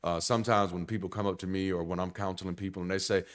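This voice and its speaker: Blunt, animated man preaching conversationally. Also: deep voice, fast. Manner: blunt, animated, swears casually, restarts often. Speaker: pastor. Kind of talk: conversational sermon.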